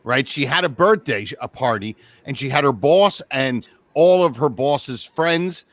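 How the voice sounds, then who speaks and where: A man co-hosting a casual comedy podcast, telling stories in an animated, profane way. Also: medium pitch, unhurried, no echo. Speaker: comedian co-host.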